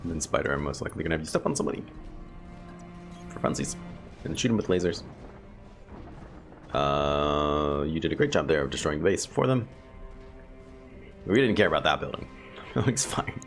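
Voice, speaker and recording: A man with an extremely low, gravelly voice talks his way through a turn-based game, thinking aloud and chatting to his viewers. Game music plays faintly underneath. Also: lively intonation, a little fast, pauses often. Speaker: gameplay video host. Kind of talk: casual let's play commentary. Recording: game music playing behind.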